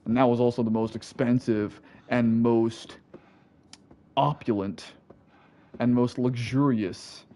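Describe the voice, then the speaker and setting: A man's voice: mid-range voice, fairly even intonation, takes it slowly, long pauses, dark tone. An American man giving rambling, profane let's-play commentary, correcting himself as he goes. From United States. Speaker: gameplay commentator.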